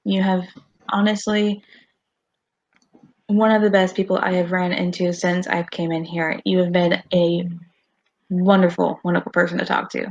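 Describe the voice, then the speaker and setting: A woman voicing a gracious, flattering woman adventurer who talks effusively. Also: fairly low pitch, moderate pace, pauses often, muffled recording, lightly acted. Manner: sweet-talking, effusive.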